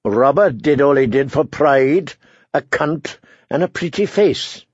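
A man voicing a proud, bitter, maimed male knight who talks in a sardonic, mocking way with a gravelly voice. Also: a little high, expressive, measured pace, a little mellow, dry recording. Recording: dull dry lo-fi recording.

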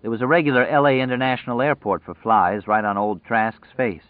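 A man narrating a story in a measured, vivid storytelling manner, over tinny phone-like audio. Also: medium pitch, steady tone, no room sound. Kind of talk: scripted narration.

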